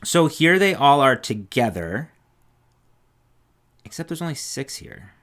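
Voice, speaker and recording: A man co-hosting a knitting podcast, relaxed and chatty, often trailing off and restarting. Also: a little high, measured pace. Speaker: podcast co-host. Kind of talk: casual chat.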